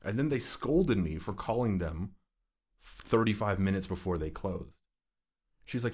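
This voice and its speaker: A man's voice: on the low side, lively intonation, measured pace, a little mellow, breathy edge. A young man on a podcast, ranting in casual chat with a lot of swearing and exasperation. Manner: ranting, profane, exasperated storytelling. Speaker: podcast co-host.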